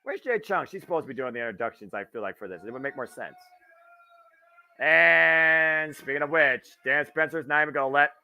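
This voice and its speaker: A man's voice: a little high, expressive, brisk, creaky, clean tone, muffled recording. A man from the Midwest of the US, hosting a casual live wrestling watch-along with wisecracking, swearing commentary. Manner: chatty, wisecracking, swears freely.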